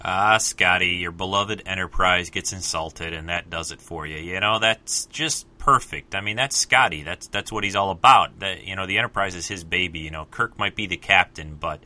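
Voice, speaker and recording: Deep-voiced man rambling about a show. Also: moderate pace, few pauses, pushed and bright. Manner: rambling, many fillers and restarts. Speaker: podcast host. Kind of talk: casual fan commentary.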